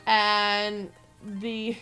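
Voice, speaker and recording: A young woman hosting a gaming channel, telling a rambling story with lots of filler words and getting animated as she goes. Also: mid-range voice, extremely slow, soft background music. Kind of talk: casual rambling commentary over gameplay.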